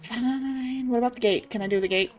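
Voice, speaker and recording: A woman's voice: a little high, a little fast, faint music behind. Woman streamer muttering over gameplay. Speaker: game streamer. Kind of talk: casual gameplay commentary.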